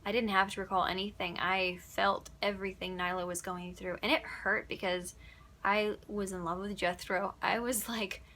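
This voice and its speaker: A woman from Upstate New York who narrates audiobooks, answering questions in a chatty, animated way and laughing often. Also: mid-range voice, moderate pace. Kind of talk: casual Q&A answers. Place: home closet used as a booth.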